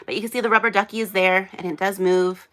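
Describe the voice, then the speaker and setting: Young woman, live unboxing host, rambling chatty storyteller, bright tense voice, mid pitch. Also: fairly even intonation, quick pace. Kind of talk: casual live unboxing chat. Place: small indoor room under hot lights.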